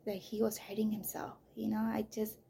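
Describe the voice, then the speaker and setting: A woman telling a raw personal story as a mother, swinging between loud outbursts and near-whispers. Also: medium pitch, monotone, normal speed, creaky, a little hiss or hum. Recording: voice message.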